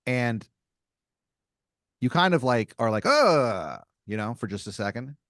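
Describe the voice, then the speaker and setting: A man's voice: medium pitch, expressive, moderate pace, fairly bright tone, smooth, no echo, studio quality. A man hosting an improv podcast, narrating a made-up scene in second person with casual fillers. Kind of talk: improvised storytelling, game-master style.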